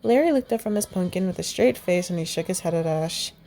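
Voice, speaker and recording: A woman's voice: lowish voice, fairly quick, warm tone, soft background music. A young woman reading a fan story aloud, voicing the characters in her own voice and laughing and commenting along the way. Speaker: fan fiction reader.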